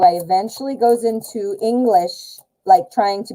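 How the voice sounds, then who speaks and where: A woman's voice: medium pitch, normal speed, few pauses, dark tone, low-quality recording. An American woman hosting a casual live tarot stream, chatty with lots of fillers and self-corrections.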